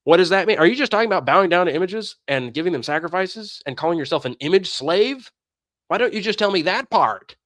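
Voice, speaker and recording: A man's voice: on the high side, a bit bright, no echo, studio quality. A man giving impassioned religious commentary on a stream, combative and emphatic, firing off rhetorical questions.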